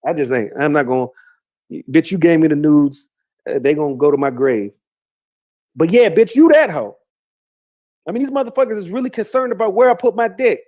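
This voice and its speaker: High-voiced man in a profane rant. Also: animated, fairly quick, pauses often, a little mellow. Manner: heated, profane, repetitive insults. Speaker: YouTuber. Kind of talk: angry rant.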